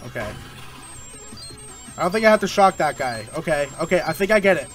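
Excitable young man playing a game. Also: fairly high pitch, brisk, faint music behind. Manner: excitable, easily frustrated, exclaiming. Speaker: gaming channel host. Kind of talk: let's-play commentary.

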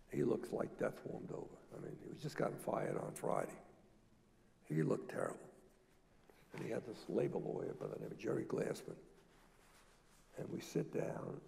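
An older man, a guest at a public talk, telling lively business stories and acting out the dialogue. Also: medium pitch, creaky. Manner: animated storyteller, acts out quoted dialogue. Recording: echoey hall.

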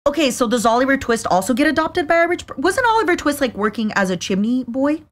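A young woman co-hosting a podcast, teasing her partner and laughing easily. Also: high voice. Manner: animated, teasing, quick to laugh. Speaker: podcast co-host. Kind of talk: casual chat.

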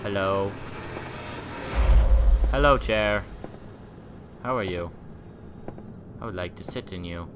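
A man's voice: lowish voice, slow pace, long pauses, noisy background. A man doing casual horror game commentary, joking around, talking to objects in the game and yelping when startled. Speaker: gameplay commentator.

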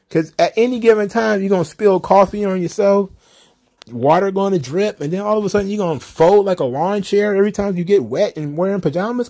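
A man's voice: on the high side, animated, normal speed, a little mellow. A man hosting a solo recap show, ranting in an exasperated, profane, casual way. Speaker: wrestling commentary host.

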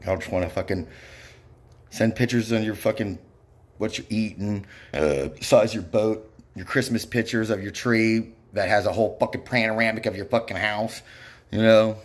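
A man's voice: fairly low pitch, moderate pace. A man delivering an angry, rambling monologue, bitter and profane, with frequent muttered asides. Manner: bitter, profane, ranting with repeated yeps.

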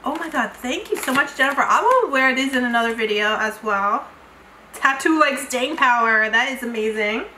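A woman's voice: fairly high pitch, animated, moderate pace, sharp tone, roomy sound, slight background noise, low-quality recording. A woman beauty vlogger chatting through an unboxing, gushing and exclamatory as she talks to her viewers. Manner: gushing, effusive, frequent exclamations. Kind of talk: unboxing vlog chat.

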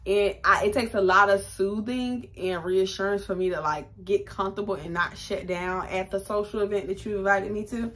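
A woman, chatting casually through a storytime and jumping up in pitch to act out quotes. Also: moderate pace, hardly any pauses. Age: 20s. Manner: animated, chatty, acts out quotes with raised pitch. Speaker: vlogger.

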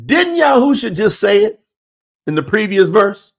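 A man with a high voice preaches slowly and deliberately. He reads scripture aloud, stops to stress key words, and puts pointed questions straight to his listeners. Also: very animated. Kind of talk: sermon.

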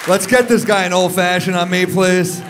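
A man in his thirties doing stand-up crowd work on a club stage, teasing audience members with quick, profane banter. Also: high voice, steady tone, over music. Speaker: stand-up comedian. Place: large comedy club stage before a live audience. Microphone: handheld stage mic. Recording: live club recording with crowd laughter.

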